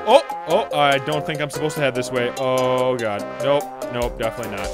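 Young let's play host, excitable and shrieking, over clear game music. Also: mid-range voice, a little fast, few pauses. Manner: excitable, bursts into shrieks and laughter. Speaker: gaming video host.

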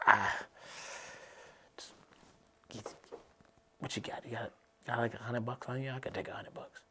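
A man voicing a smooth, soft-spoken older suit salesman who talks low and coaxing. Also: steady tone, normal speed, slight background noise. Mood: persuasive.

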